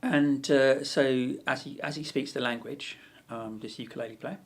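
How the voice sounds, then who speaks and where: A male ukulele teacher tells a joke in a casual lesson. He rambles and hesitates, filling gaps with ums. His voice is gravelly and husky. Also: mid-range voice, fairly even intonation, moderate pace. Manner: rambling, hesitant, with many fillers.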